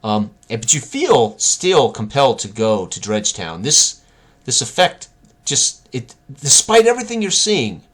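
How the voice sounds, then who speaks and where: A man's voice: mid-range voice, sing-song, unhurried, a bit bright. A man narrating a tabletop game as game master, describing scenes while he searches for words.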